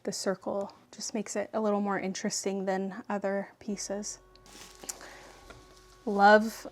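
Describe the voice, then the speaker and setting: A chatty woman antique dealer talking to camera at home as she unpacks, full of quick asides and light laughter. Her voice sits at an ordinary middle pitch, and her delivery stays conversational and relaxed. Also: gravelly. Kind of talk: casual unboxing vlog. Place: home, indoors.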